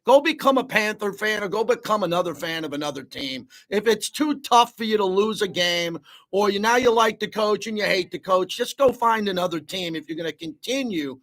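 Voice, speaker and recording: A man's voice: high voice, lively intonation, fairly quick, a bit bright. A man hosting a sports talk radio show, ranting bluntly and with heat.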